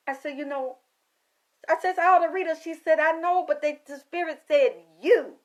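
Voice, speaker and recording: A woman's voice: sits high, normal speed, dull audio. A woman psychic reader, telling a story in a casual monologue, cursing often and quoting herself and others. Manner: profane, emphatic, quotes herself and others.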